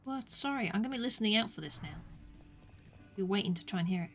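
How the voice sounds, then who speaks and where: A woman's voice: medium pitch, animated, quick pace. A woman streamer giving playful, chatty commentary over a game. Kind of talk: casual gameplay commentary. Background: game music.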